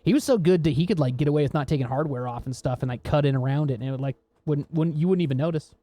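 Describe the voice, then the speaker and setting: Fairly high-pitched and mellow, an American podcast co-host talks in rapid-fire fashion. He chats casually, spinning rambling work stories packed with laughter and swearing.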